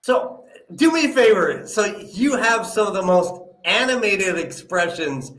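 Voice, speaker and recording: A man's voice: high voice, animated, a little slow, a bit bright. Male interview host with a slight lisp, upbeat and coaching, echoey room sound. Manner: encouraging, peppers talk with "you know" and "right?". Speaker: show host. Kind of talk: live interview, coaching advice.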